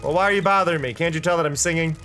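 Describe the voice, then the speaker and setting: A haughty, pompous songstress bird mascot, as a man reads her lines aloud, pitched a touch high and full of airs. Faint game music plays behind. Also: rapid-fire, sharp tone. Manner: haughty, theatrical, putting on airs.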